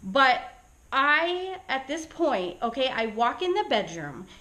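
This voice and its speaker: A woman vlogger recounting a story in a casual, chatty storytime. Her voice sits high and bright, and it swings widely up and down as she talks. She keeps tossing in "like" and "right?" as she goes. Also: takes it slowly. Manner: chatty, animated, many "like" and "right?" tags. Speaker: pet sitter and vlogger.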